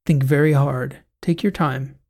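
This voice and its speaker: A man's voice: medium pitch, fairly even intonation, measured pace, a little mellow. A man doing a patient, coaxing doctor. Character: calm male hospital doctor, patient. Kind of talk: audiobook character voice.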